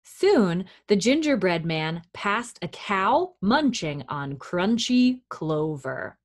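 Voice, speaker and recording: A woman children's librarian reading a picture book aloud at storytime, gentle and encouraging toward young children. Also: mid-range voice, very animated, slow pace.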